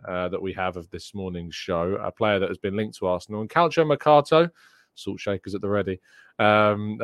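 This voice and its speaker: A man's voice: on the low side, no echo, clean studio sound. A man hosting a daily football news show, chatting casually through fixtures and reading out viewers' questions, with frequent ums and uhs.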